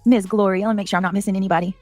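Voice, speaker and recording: A woman's voice: mid-range voice, fairly even intonation, racing, dark tone, no room sound, soft background music. A woman, hosting a casual livestream, greeting viewers by name and talking emotionally and defensively.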